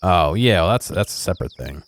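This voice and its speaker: A man with a very deep voice gives relaxed, joking gameplay commentary. His pitch swings widely as he muses aloud about what is on screen, and his asides are wry. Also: brisk. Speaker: let's play commentator.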